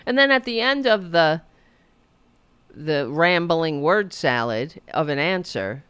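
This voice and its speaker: A woman hosting her own show rants with indignant sarcasm and plenty of swearing. Her fairly low voice swings widely in pitch and sounds smooth, recorded dry with no room around it. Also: lively intonation, slow pace, fairly bright tone, no room sound. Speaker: podcast host. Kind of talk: political commentary rant.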